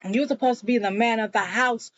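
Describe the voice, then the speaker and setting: A woman's voice: fairly high pitch, fairly even intonation, brisk, dull audio, lightly acted. A woman voicing an angry, domineering father who scolds and snaps in her recap. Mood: scolding. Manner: indignant, scolding.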